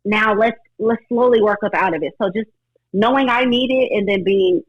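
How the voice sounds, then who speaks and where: A woman's voice: mid-range voice, moderate pace, slightly rough, no room sound. A woman guest on a faith-based talk show, speaking earnestly and reflectively, often voicing her own thoughts aloud. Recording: dull lo-fi audio.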